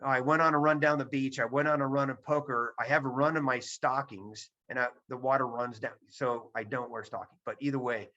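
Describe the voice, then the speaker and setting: With a pushed, bright, mid-range voice, a presenter addresses a virtual audience in a seminar over a video call, hammering home and repeating his key points. The sound quality is dull and lo-fi.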